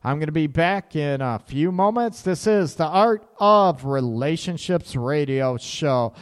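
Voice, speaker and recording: Blunt, lively man with reverb. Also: a little high, measured pace, clean tone. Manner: blunt and animated, swears, sarcastic asides. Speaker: radio show host and relationship counselor. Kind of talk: radio advice talk.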